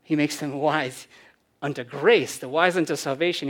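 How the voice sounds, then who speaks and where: A male preacher delivering a sermon, with a voice pitched a little higher than most men's. He is animated, acts out the voices of the people he quotes, and moves between loud, punchy emphasis and quiet, hushed lines. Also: normal speed. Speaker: pastor.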